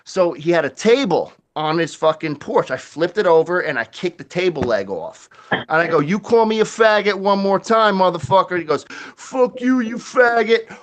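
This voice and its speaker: Guy telling a wild story, bit high-pitched, cussing a lot, doing the sound effects himself. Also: moderate pace. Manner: animated, swears a lot, acts out quotes and sound effects. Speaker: guest storyteller. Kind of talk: casual profane storytelling.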